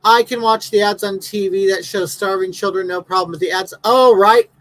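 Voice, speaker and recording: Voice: medium pitch, steady tone, normal speed, a bit bright, low-quality recording. A livestream host in their fifties, chatting casually with viewers and reading out their comments in a blunt, sarcastic, ranting way. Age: 50s.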